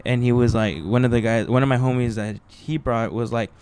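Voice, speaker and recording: A man's voice: medium pitch, brisk, clear, resonant tone. A young adult man, a stand-up comedian hosting a podcast, tells stories in casual chat with lots of swearing and acted-out voices. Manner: swearing, animated, acts out voices in quotes.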